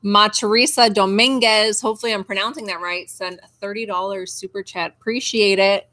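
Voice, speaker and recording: A woman's voice: medium pitch, fairly even intonation, a little fast, bright, forceful tone. A woman co-hosting a casual live stream, chatting and reading out viewer messages and donations. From United States.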